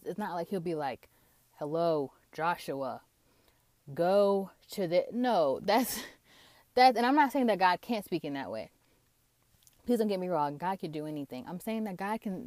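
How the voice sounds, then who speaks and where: A woman's voice: fairly low pitch, darkish tone, no echo. A woman talking earnestly about prayer and hearing God, rambling with restarts and fillers. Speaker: Christian vlogger. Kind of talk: casual faith talk to camera.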